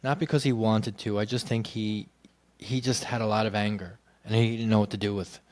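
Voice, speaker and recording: A man's voice: lowish voice, fairly even intonation, fairly quick, a little mellow, dry recording. A man telling his life story in a candid, rambling monologue, full of 'you know' fillers and casual swearing.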